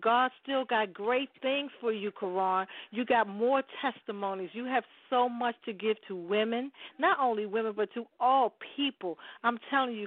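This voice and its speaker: A middle-aged woman calling in on the phone, giving heartfelt, repetitive, preacher-like encouragement. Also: fairly high pitch. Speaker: caller. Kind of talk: heartfelt call-in testimony. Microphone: telephone. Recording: dry tinny phone line.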